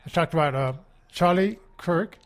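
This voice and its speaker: A man's voice: a little high, moderate pace. A man hosting a political talk radio show, rambling, repeating words and asking "right?" again and again. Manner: mocking put-on voices when quoting. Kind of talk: political commentary monologue.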